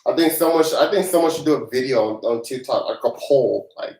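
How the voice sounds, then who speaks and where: A man's voice: mid-range voice, lively intonation, fairly quick, hardly any pauses, a little mellow. A man who grew up in the South, hosting a casual live-stream Q&A as a tax professional, chatty and joking with loose laughter. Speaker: tax professional livestream host. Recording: roomy echo.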